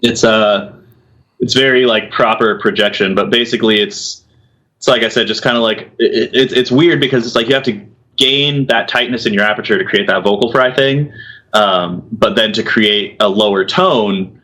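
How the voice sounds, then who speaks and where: Bright-voiced young man, casual guest. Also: lowish voice, moderate pace, low-quality recording. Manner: relaxed, many fillers and restarts, laughs easily. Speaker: guest, metal vocalist. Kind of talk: casual chat.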